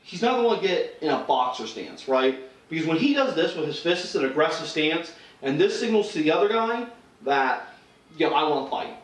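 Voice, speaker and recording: A man teaches self-defense in a loose, conversational way, often restarting and acting out lines as he demonstrates. His voice is a little high, very animated and brisk. The mic is far off, and the room echoes.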